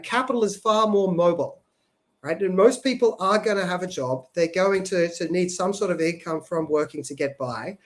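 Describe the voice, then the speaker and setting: High-voiced man explaining tax policy. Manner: explanatory, frequent "right?" tag questions. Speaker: podcast co-host. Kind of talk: casual policy discussion podcast.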